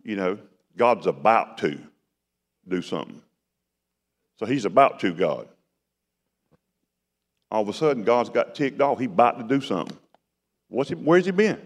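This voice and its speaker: A man's voice: fairly low pitch, expressive, normal speed, pauses often. A man preaching a sermon in a conversational style that rises to emphatic bursts. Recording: long hall reverb.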